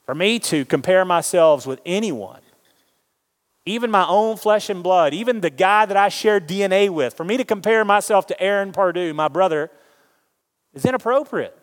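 A man preaching a sermon, animated and joking with the congregation. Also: sits high, normal speed. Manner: animated, jokes with the congregation, acts out quoted voices. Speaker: pastor. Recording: long reverb of a large hall.

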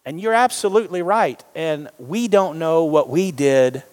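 A man preaching a sermon, animated and joking with the congregation. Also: a little high, a little slow. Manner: animated, jokes with the congregation, acts out quoted voices. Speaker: pastor. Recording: long reverb of a large hall.

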